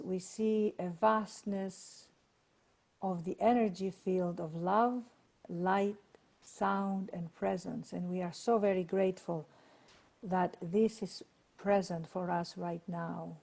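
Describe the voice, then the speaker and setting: A woman leading a guided meditation and prayer over a video call, speaking in a slow, soothing way. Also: on the low side, fairly even intonation, creaky, darkish tone. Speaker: workshop leader.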